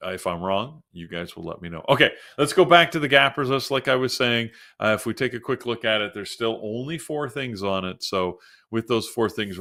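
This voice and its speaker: Male live-stream trading host, bright forward tone, loose chatty delivery. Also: lowish voice. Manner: casual, chatty, self-interrupting while reading news. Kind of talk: live market commentary.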